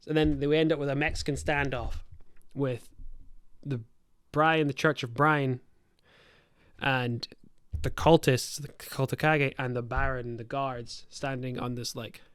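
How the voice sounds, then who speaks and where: This young man's voice is medium-pitched, fairly even, unhurried, a bit bright, clear and resonant, on a dry, studio-quality recording. Hosting a casual podcast as game master, he rambles through a tabletop game story with free swearing and constant self-corrections.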